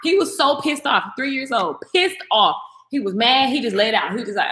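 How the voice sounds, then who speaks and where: Woman, young adult, livestream host, casual chat, lively pitch, roomy echo. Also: moderate pace. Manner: animated, talks back to comments, swings high when excited.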